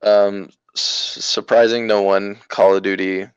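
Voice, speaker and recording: A laid-back young man co-hosts a podcast in a low, smooth voice, speaking slowly and laughing often. His sound is slightly dull and dry, like a basic home mic. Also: level tone, no room sound. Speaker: podcast co-host. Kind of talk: casual chat.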